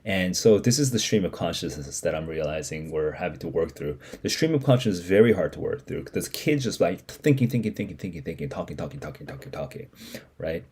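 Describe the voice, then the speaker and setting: A man walks through a short story passage line by line, pausing to explain as he goes. His voice is husky and mellow, with a pitch that rises and falls a lot, and he thinks aloud with plenty of fillers and restarts. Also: lively intonation. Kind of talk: live reading reaction.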